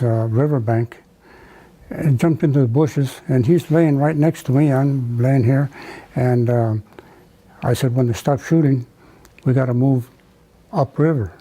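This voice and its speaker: An older man from the United States, telling a wartime memory in an oral history interview, halting with many fillers and restarts. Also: medium pitch, dark tone, low-quality recording. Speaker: veteran interviewee.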